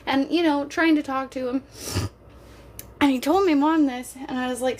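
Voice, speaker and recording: A woman's voice: high voice, fairly even intonation, normal speed, pauses often, a little hiss or hum. A woman streaming live, a mother chatting candidly with her viewers in a jokey, casual way and swearing now and then. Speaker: livestreamer.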